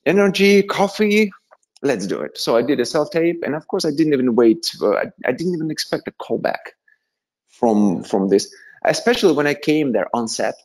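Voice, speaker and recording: A man's voice: medium pitch, fairly quick. Man with a Russian accent telling stories. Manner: animated, laughing anecdotes with many fillers. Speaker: interview guest, actor. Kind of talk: casual storytelling interview.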